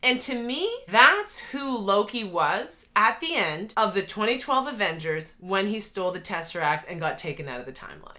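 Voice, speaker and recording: A young woman giving casual, animated commentary as a channel host, chatty and quick to laugh, often correcting herself mid-sentence. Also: mid-range voice. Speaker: video essayist.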